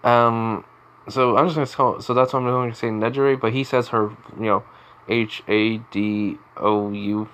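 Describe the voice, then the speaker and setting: A man improvises a fan-fiction story in a loose, rambling style. He keeps restarting and correcting himself as he goes, in a voice of ordinary pitch for a man. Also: level tone, normal speed, fairly bright tone, smooth, poor audio.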